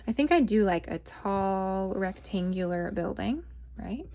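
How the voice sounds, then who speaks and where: Holding her phone to record, a young woman teaches children in a casual video, her mid-range voice warm and her pace moderate. She is cheerful and talkative, and she calls the kids "guys."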